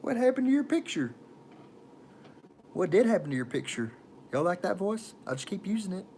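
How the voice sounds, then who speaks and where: A man's voice: high voice, very animated, moderate pace, mellow, slight background noise, voice pushed up. A man doing a put-on Southern accent in a raised, goofy voice, laughing between lines during casual livestream chat. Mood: playful.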